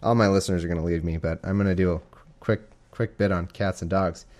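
A man's voice: low-pitched, fairly even intonation, fast talker, darkish tone. A young man hosting a casual home podcast, rambling and self-deprecating, with frequent restarts and asides. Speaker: podcast host. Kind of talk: casual chat and scripture reading. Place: home living room with a cat.

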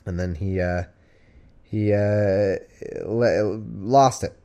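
Casual male streamer, lowish voice, reads scripture and riffs on it with sarcastic, rambling asides. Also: fairly even intonation, drawn-out words, dark tone, clear, resonant tone, muffled recording. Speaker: live-stream host. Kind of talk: casual scripture reading with commentary.

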